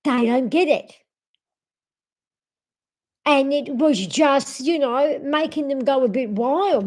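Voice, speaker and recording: A woman's voice: sits high, slow, long pauses, darkish tone. A woman vlogger chatting casually and expressively to her viewers. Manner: talks to viewers and coos at her pet. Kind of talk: casual livestream chat.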